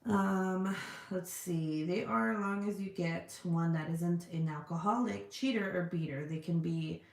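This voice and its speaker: A woman vlogger chatting casually and answering viewer comments, frank and profane and quick to laugh. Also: on the low side. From United States. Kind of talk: casual chat. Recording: echoey room.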